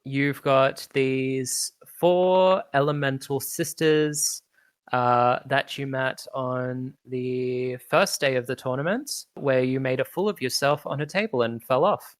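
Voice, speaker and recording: Woman game master, very low voice, unhurried narration, dry close mic. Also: no echo. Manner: relaxed, casual narration with fillers.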